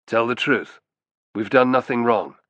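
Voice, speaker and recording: A man voicing a stoic Gaulish warrior in an audiobook, blunt and gruff. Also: medium pitch, a little slow, a bit bright, dry recording, lo-fi sound, close to an everyday voice.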